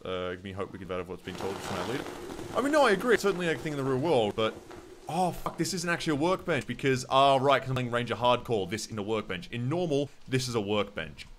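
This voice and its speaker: With slight noise in the background, a young Australian gaming streamer in a mid-range voice chats casually through his gameplay. He swears and reads out and answers his viewers' messages.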